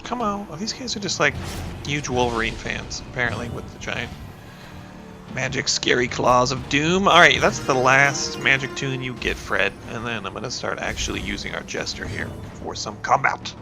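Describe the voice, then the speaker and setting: Chatty gravelly man commenting on a game. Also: mid-range voice, lively intonation, normal speed, over music. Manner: chatty, rambling, talks to his game characters. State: sniffly with a cold. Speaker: gaming YouTuber and teacher. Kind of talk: let's play commentary.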